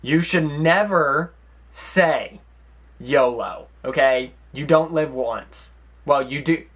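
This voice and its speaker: A young man hosting a comedy vlog from home, giving mock advice in a deadpan, sarcastic way with rambling asides. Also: a little high, slow pace, breathy edge. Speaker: vlog host. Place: at home, sitting in front of a camera.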